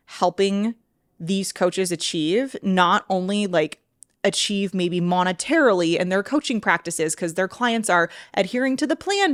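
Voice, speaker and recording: A woman's voice: medium pitch, no echo, studio quality. A woman, hosting her own podcast in a casual, heartfelt way, often laughing and swearing when she gets passionate. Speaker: podcast host and mindset coach. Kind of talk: casual solo podcast talk.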